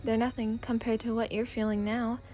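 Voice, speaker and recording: A woman voicing a stern, protective teenage boy, speaking low and firm in a soft-spoken ASMR fanfic reading. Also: flat delivery, normal speed, lightly acted. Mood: calm, firm.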